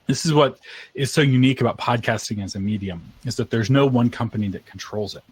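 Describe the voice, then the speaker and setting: A man's voice: mid-range voice, fast talker, a little hiss or hum. Chatty man co-hosting a podcast. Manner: chatty, laughs often, eats ice cream on air. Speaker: podcast co-host. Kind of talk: casual live podcast chat.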